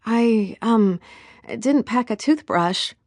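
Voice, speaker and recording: A woman's voice: on the high side, animated, takes it slowly, darkish tone, dry recording, clean studio sound, pitched above the performer's own voice. A woman voicing a wry, hesitant young heroine. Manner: hesitant, self-mocking.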